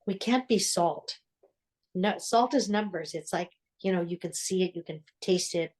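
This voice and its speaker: Older nun telling her story, earnest, pauses to think, lowish voice. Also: darkish tone. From United States. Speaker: religious sister. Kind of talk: storytelling in an interview.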